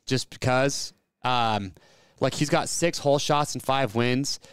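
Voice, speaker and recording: Smooth-voiced man talking racing casually. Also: medium pitch, unhurried, fairly bright tone, dry recording. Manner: opinionated, rambling, restarts his thoughts. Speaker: fantasy racing show co-host. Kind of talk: casual sports chat.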